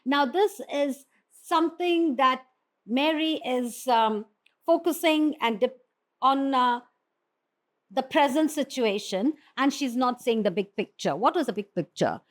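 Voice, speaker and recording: A woman's voice: high voice, a little slow. A woman preaching a sermon in an earnest, exhorting way, with frequent fillers and restarts.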